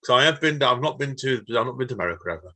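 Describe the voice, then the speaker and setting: A man from England hosting a casual interview, talking quickly with stumbling restarts. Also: mid-range voice, lively intonation, bright, forceful tone. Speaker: podcast host.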